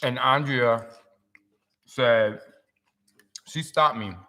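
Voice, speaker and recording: A man in his forties hosting a casual live-stream chat, telling stories in an animated, emotional way. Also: mid-range voice, drawn-out words.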